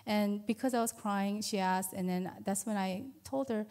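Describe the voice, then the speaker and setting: A woman's voice: mid-range voice, fairly even intonation, normal speed, a little mellow. A woman in her fifties giving a personal church testimony as an adoptive mother, earnest and conversational with many fillers. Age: 50s.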